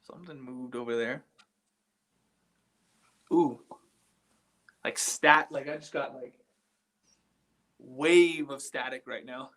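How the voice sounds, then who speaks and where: A man investigating a site live, excitable and quick to react to sounds around him. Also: mid-range voice. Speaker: paranormal investigator.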